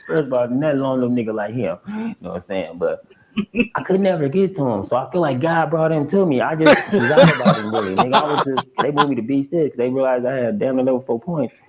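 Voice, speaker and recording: Animated man telling a prison story. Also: mid-range voice, fast, background noise. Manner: animated, acts out other people's lines. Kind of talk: casual storytelling with slang.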